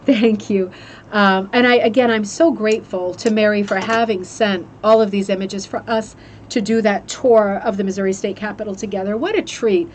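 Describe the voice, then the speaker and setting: A chatty woman hosts a craft club stream at an ordinary mid pitch, gushing and restarting her sentences as she talks into a webcam. A faint hum of room ambience sits under her voice. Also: steady tone, moderate pace, a little mellow. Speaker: host of a rug hooking club livestream. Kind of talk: casual chat, reviewing a book.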